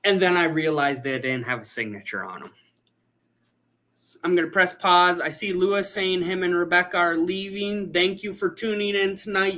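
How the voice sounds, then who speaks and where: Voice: mid-range voice, bright, forceful tone. A photographer hosting a casual livestream, chatting and reading out viewer comments.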